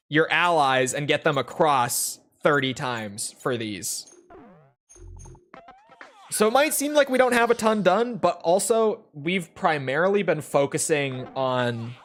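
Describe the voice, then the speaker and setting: A young man chatting casually to his live chat while playing a game, rambling with lots of "like" fillers and the odd swear word. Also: on the high side. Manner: relaxed, rambling, frequent "like" fillers, occasional swearing. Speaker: gaming streamer.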